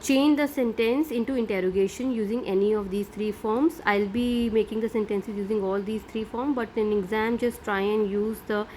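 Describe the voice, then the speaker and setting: A woman's voice: medium pitch, darkish tone, slight background noise. A middle-aged woman teaching a French grammar lesson, explaining patiently step by step and checking in with "right?".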